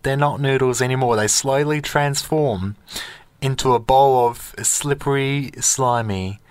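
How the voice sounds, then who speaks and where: Radio host telling a story. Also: male voice, medium pitch, a little slow, smooth, no echo. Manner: animated storyteller who acts out voices and laughs at his own tale. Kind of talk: casual on-air storytelling. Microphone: studio microphone.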